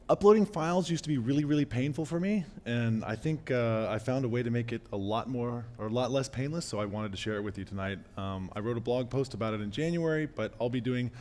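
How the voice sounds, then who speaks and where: A man giving a casual live-coding talk at a meetup, losing his voice and clearing his throat, with fillers and restarts. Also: medium pitch, darkish tone. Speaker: meetup presenter. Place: meetup room.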